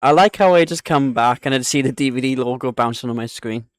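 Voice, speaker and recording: A man's voice: mid-range voice, brisk, dry recording. A man streaming a video game who chats casually with viewers, rambling and correcting himself as he goes. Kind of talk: casual gaming livestream chat.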